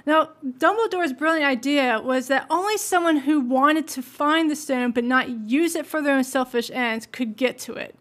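Woman host with a high voice, earnest, reflective solo podcast. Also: normal speed, few pauses, a bit bright.

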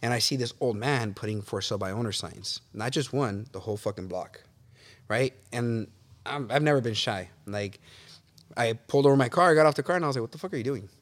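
A man tells stories from his life as a guest on a relaxed interview show. He talks in an animated, swearing way and keeps calling the listener bro and dude. His voice sits at an ordinary middle pitch. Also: a little fast. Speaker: podcast guest. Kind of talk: casual storytelling interview. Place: real estate office.

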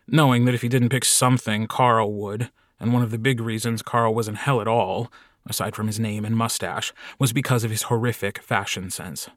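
A man narrating a comic short story audiobook in a wry, deadpan manner. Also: on the low side, normal speed, no echo, clean studio sound. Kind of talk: scripted narration.

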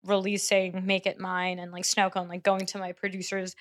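A young woman musician talking as a podcast guest. She is blunt, profane and animated in how she tells her story. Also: medium pitch, moderate pace. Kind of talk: casual podcast interview.

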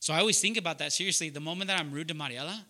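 A man preaching loudly and emphatically to young adults, often asking the room to fill in words. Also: a little high, rapid-fire. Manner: loud, emphatic, asks the room questions. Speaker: pastor teaching young adults. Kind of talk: sermon.

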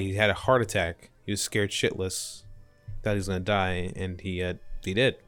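Young male podcast co-host, low, smooth-toned, jokey rambling recap. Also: steady tone, fairly bright tone, no room sound, faint music behind. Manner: rambling, jokey, quick to mock accents. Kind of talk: casual movie recap chat.

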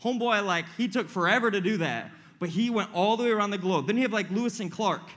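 Excitable high-voiced young male pastor. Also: fast talker. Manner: excitable, slangy and joking. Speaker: youth pastor. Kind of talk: casual sermon to a live group.

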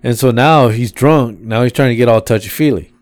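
A man's voice: medium pitch, a little fast. A man casually telling rideshare stories as a podcast co-host, swearing freely and acting out his passengers' voices. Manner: animated, acts out passengers' voices. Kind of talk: casual storytelling with profanity.

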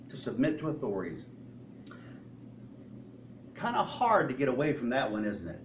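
A man's voice: on the high side, huge pitch swings, normal speed, long pauses, roomy sound, recorded from a distance, a little hiss or hum, low-quality recording. A man preaching a sermon as a pastor. He asks the congregation questions and acts out quoted voices.

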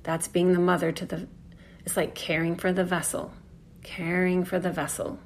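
A woman's voice: on the low side, flat delivery, moderate pace, a little hiss or hum. A woman giving a reflective, earnest spiritual talk about astrology, casually swearing and acting out inner voices. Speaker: astrology speaker.

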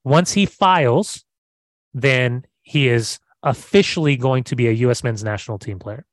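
A man's voice: mid-range voice, moderate pace, dry recording. A man co-hosting a casual football podcast, brash and emphatic, swearing casually. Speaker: podcast co-host.

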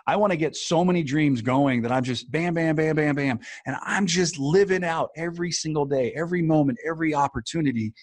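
A man's voice: fairly high pitch, brisk, hardly any pauses, no room sound. A man talking casually and earnestly about feelings, reflective and rambling with many fillers. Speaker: podcast guest or co-host, author. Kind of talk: casual conversation.

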